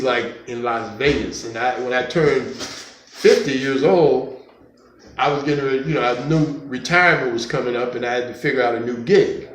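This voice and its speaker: A man's voice: mid-range voice, fairly bright tone. Rambling man with echoey sound. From United States. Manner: rambling, halting, with many fillers and restarts. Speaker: conga player telling stories. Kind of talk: casual storytelling. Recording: echoey room, faint background noise.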